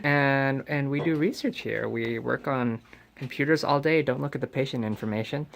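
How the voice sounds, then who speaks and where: Man, casual beach vlog chat, rambling and offhand, middle pitch. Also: normal speed, gravelly, fairly bright tone.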